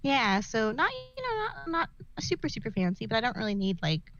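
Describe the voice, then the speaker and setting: A woman's voice: on the high side, big pitch swings, brisk, a bit bright, lo-fi sound. Chatty young woman telling stories. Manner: chatty storyteller, many fillers, laughs often. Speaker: podcast co-host. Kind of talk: casual chat.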